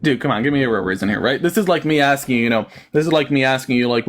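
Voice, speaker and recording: A man's voice: medium pitch, fast talker, hardly any pauses. Sarcastic man hosting a live debate. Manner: sarcastic, mocking, jumps between a put-on folksy drawl and plain talk. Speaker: livestream debate host. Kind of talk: live-stream political debate.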